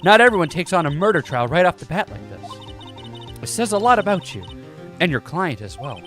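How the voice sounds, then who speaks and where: A man voicing a composed female senior lawyer who mentors a rookie, speaking in a measured, businesslike way. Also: high voice, big pitch swings, a bit bright, soft background music, pitched below the performer's own voice. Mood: approving.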